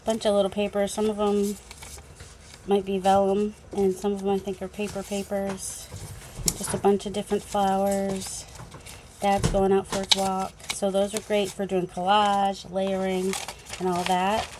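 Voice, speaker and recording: Casual New England woman, mid-pitched, rambling crafter hosting her own channel on a phone mic, faint hiss. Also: completely flat delivery, unhurried. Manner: chatty, rambling, thinking aloud with many fillers. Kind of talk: casual unboxing chat.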